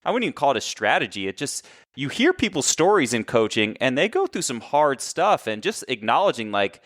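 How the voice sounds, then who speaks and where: A man as a podcast guest and coach, talking in casual, animated conversation and telling stories, often correcting himself. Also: mid-range voice, a little fast, dry recording, studio quality. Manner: animated storyteller, chatty, self-correcting.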